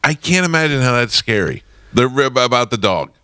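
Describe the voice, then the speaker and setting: A man's voice: mid-range voice, expressive, fairly quick, pushed and bright, clear, resonant tone, no room sound, studio quality. A man hosting a radio talk show, chatting casually with a guest and reacting often. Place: radio studio.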